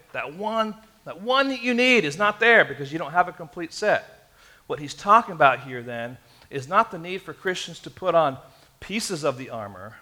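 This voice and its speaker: A man delivers a sermon in a bright, forward voice that sits a little high. He preaches earnestly and turns to speak straight to his listeners. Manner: earnest preaching, addressing the congregation directly. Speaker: pastor.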